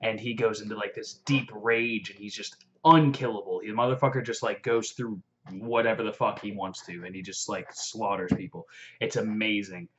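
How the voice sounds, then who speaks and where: A young man excitedly recapping a fantasy novel in a rambling vlog, full of fillers and swearing. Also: on the low side, normal speed, slight background noise. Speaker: vlogger. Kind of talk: casual book recap. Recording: dull lo-fi audio.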